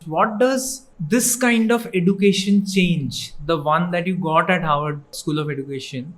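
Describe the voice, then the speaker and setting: A man's voice: on the high side, unhurried. A man hosting a podcast who asks his guest curious, appreciative questions in an interview.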